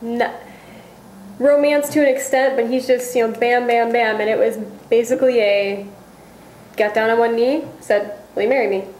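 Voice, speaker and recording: A young woman co-hosts a casual sports chat, chattily telling travel stories. Her voice sits a little high and a little mellow, with a steady tone and moderate pace, and the recording has a roomy echo.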